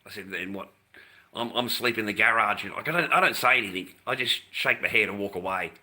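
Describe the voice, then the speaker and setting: A man's voice: lowish voice, fast talker, bright, forceful tone. A man ranting casually to the camera, swearing constantly and repeating himself. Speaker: vlogger. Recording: noisy background.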